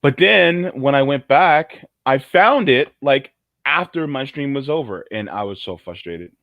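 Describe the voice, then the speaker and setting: Jokey and rambling, a male co-host keeps restarting his sentences during a casual livestream conversation. He has a mid-range voice with lively intonation and a slightly slow pace, recorded dry in muffled lo-fi audio.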